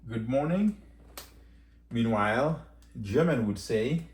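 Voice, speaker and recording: A man giving a casual language lesson, chatty, saying phrases again slowly for learners. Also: medium pitch, lively intonation, echoey room. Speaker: language teacher.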